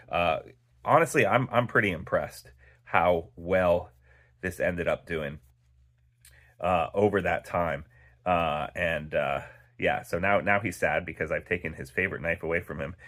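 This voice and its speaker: Low-pitched male host, laid-back storytelling, rambling delivery. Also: fairly bright tone. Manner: rambling and conversational, with many fillers. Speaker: knife channel host. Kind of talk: casual storytelling while cleaning a knife.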